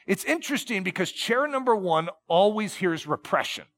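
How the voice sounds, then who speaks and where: A male preacher delivering a sermon with a high, bright voice and a gravelly edge. He talks earnestly to his congregation, dropping low and gentle, then pressing hard on key points. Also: sing-song, moderate pace. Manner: earnest, swinging between soft and emphatic.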